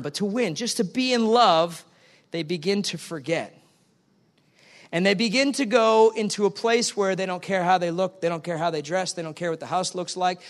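A middle-aged male pastor delivers a sermon in a high-sitting voice, animated as he acts out both sides of short dialogues.

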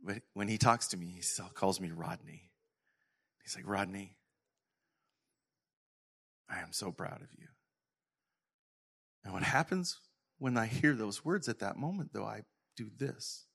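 A middle-aged male pastor preaching a sermon earnestly to his congregation, sometimes falling to a soft whisper. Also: on the low side, expressive, moderate pace, gravelly, slightly rough. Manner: earnest, drops to soft whispers when quoting God.

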